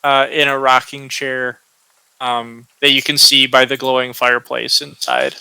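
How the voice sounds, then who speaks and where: Slow, bright-voiced male game master. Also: medium pitch, flat delivery, creaky, clear, resonant tone, no echo, rough recording. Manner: slow, hesitant, many fillers. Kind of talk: narrating a tabletop game.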